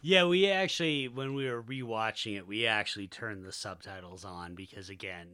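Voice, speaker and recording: A man's voice: lowish voice, moderate pace, sharp tone, clean tone. An American man co-hosting a casual film podcast, talking with enthusiasm and sarcastic asides. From Utah, USA. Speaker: podcast co-host. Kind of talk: casual chat.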